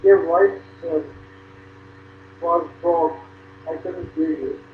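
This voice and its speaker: Brief: man on the far end of a video call, hesitant, slightly higher voice, faint hiss behind. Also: steady tone. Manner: hesitant, with pauses and restarts. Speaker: foreign conversation partner on a video call. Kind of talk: casual video call chat. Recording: thin phone-like call audio in an echoey room.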